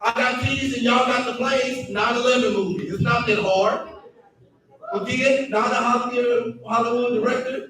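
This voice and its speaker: A man's voice: very high voice, steady tone, moderate pace. A man hosting a comedy show and doing crude, rambling stand-up, often talking to the crowd. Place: comedy club stage. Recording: echoey club room picked up from a distance.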